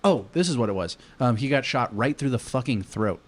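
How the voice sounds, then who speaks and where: A man's voice: medium pitch, animated, fairly quick. A man from Arizona telling a long story on a casual podcast, rambling with lots of fillers and swearing. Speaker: podcast co-host.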